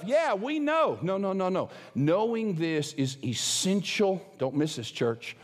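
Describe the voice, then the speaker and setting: A man's voice: high voice, big pitch swings, a little slow, few pauses, big-room sound. A man preaching a sermon as the pastor of a church, telling a personal story in an emphatic, conversational way. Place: church sanctuary.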